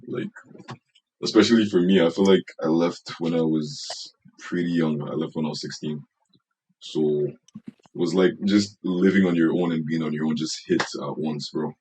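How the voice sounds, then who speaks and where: A man's voice: a bass voice, a little mellow, slight background noise, low-quality recording. A young man from Nigeria with a Nigerian accent, chatting casually on a podcast and leaning on "bro" and "I swear.". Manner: slangy, repeats "bro" and "I swear". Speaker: podcast co-host. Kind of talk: casual chat. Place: Canada, recorded on a call.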